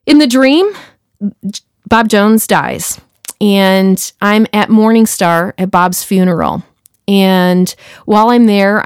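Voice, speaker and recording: Woman, mid pitch, casual animated storyteller, acts out dialogue, fillers, dry close sound. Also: dry recording. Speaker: speaker sharing a personal testimony.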